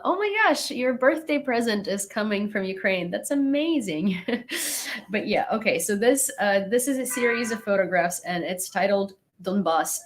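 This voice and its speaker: A young woman hosting a casual live stream, chatting and rambling as she thanks viewers and laughs along the way. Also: fairly low pitch. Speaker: live-stream host reading chat.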